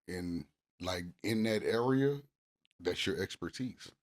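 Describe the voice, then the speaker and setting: A man co-hosting a couples podcast, talking casually and cursing freely, getting loud and animated when he acts out arguments. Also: low voice, slow pace. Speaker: podcast co-host.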